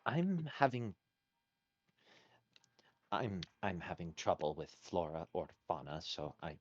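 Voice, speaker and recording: A man's voice: low voice, very animated, takes it slowly, highs cut off, a little hiss or hum. A man playing a tabletop game, chatting casually and often searching for words. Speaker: player.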